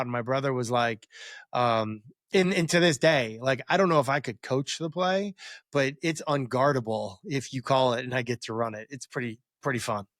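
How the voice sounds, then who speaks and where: A man's voice: medium pitch, no echo, clean studio sound. A middle-aged man, a former quarterback, telling rambling stories as a podcast guest and acting out what others said. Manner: rambling, animated, acts out quotes. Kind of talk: casual interview storytelling.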